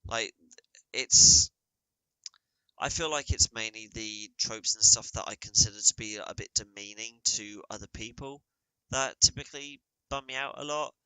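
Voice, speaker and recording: A young man co-hosting a podcast in casual chat, animated and halting, with frequent swearing and restarts. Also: on the low side, clean tone, no room sound, rough recording. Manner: animated, ranting, swears freely. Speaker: podcast co-host.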